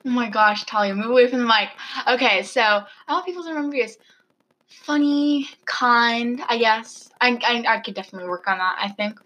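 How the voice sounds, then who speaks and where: High, bright teen girl, dramatic chatter. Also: expressive, a little fast, rough recording. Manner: dramatic, tangent-prone, exclamatory. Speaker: friend asking questions. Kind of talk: casual chat.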